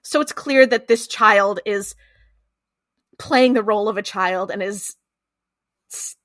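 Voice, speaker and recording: A woman's voice: mid-range voice, slow, fairly bright tone, no room sound, studio quality. A woman co-hosting a podcast, giving a chatty, giggly episode recap. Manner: chatty, giggly, lots of fillers and acted quotes. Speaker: podcast co-host.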